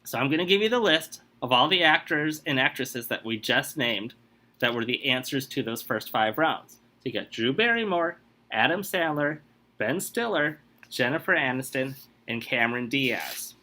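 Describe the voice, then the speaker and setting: A man hosting a casual podcast quiz game, reading out clues and rules in an emphatic, animated way. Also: mid-range voice, moderate pace.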